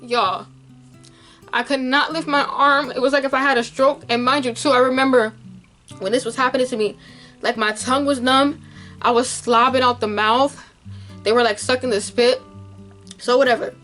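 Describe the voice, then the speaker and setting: A young woman vlogger, emotionally retelling a frightening medical episode in a casual, animated way to camera. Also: high-pitched, moderate pace, long pauses, soft background music.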